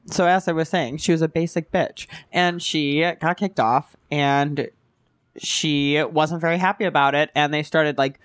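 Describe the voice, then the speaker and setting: A man's voice: fairly high pitch, steady tone, a little slow, fairly bright tone, clean tone, dry recording. A man co-hosting a podcast, casual and blunt, teasing his friends. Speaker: podcast co-host. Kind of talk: casual chat.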